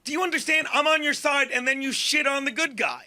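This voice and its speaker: A man's voice: very high voice, fairly quick, sharp tone, dry recording. A tipsy man, a guest comedian, arguing on a podcast in a boastful way and talking over everyone. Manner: boastful, talks over others. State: tipsy from drinking. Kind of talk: heated podcast argument.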